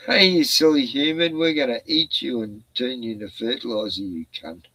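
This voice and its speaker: A man voicing a mocking male AI chatbot that insults people, talking quickly and taunting. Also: medium pitch, sharp tone, husky, no echo, voice pushed down.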